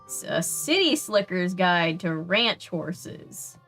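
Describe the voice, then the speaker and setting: A woman's voice: on the low side, sing-song, slow pace, fairly bright tone, soft background music. A woman with a Southern US accent, chatting casually and laughing often while streaming a video game. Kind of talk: casual gameplay chat.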